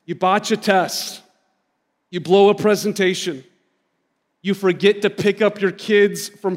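A man's voice: high-pitched, big-room sound. A man in his thirties, a pastor giving a sermon, telling stories in a conversational way and speaking directly to the congregation. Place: church sanctuary.

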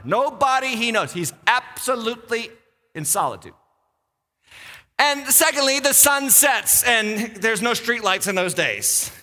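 A man from western Massachusetts preaches with a high, bright voice, acting out each character as he tells the story. His delivery is lively and animated. The sound rings with the long reverb of a large church hall. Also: a little slow. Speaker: pastor. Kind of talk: sermon. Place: church sanctuary.

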